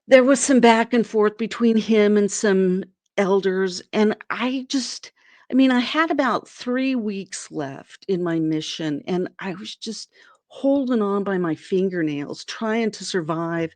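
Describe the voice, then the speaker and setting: A woman from Arizona tells a personal story as an interview guest. Her voice sits at a middle pitch and sounds close and dry. She is animated and jumps up in pitch to act out the people she quotes. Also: slow, no echo.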